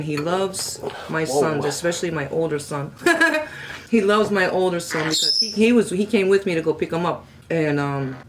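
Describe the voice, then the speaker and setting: A middle-aged woman hosting a casual home cooking vlog, chatting to viewers and cooing at her parrot in a high sweet voice. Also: background noise. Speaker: cooking channel host. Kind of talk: casual chat to camera.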